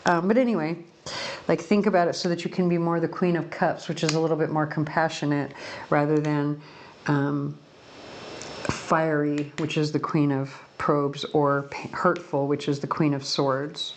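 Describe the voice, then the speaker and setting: A woman's voice: deep voice, little pitch movement, moderate pace, a little hiss or hum. A woman giving a casual pick-a-card tarot reading at home, talking in a chatty, rambling way and often correcting herself. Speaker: tarot reader. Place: home room by a window.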